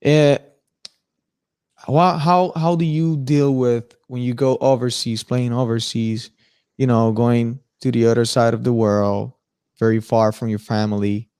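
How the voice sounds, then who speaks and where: Male interviewer, halting questions, smooth dry voice. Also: mid-range voice, little pitch movement, a little mellow, dry recording. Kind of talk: casual interview.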